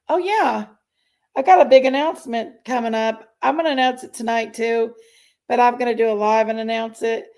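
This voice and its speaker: A woman's voice: on the high side, darkish tone. A woman hosting a casual livestream, chatting and greeting viewers by name as she reads their comments. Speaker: livestream host reading chat.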